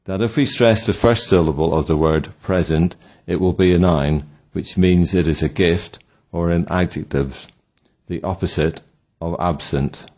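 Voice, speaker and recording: A man reading a scripted language lesson in a slow, deliberate, instructional way. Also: low-pitched, a little mellow. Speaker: language teacher. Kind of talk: scripted narration.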